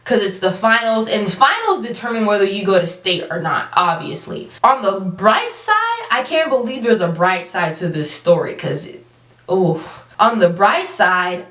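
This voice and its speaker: A young adult woman telling a storytime vlog, animated and emphatic, with casual slang. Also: mid-range voice. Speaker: vlogger. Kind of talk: storytime monologue. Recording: roomy, from a distance.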